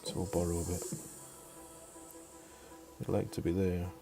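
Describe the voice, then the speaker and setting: Male streamer, middle-aged, lower voice, casual and sweary; light music underneath. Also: monotone, measured pace, vocal fry. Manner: chatty, swears, mutters to himself. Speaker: game streamer. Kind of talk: casual chat over live gameplay. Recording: faint music behind.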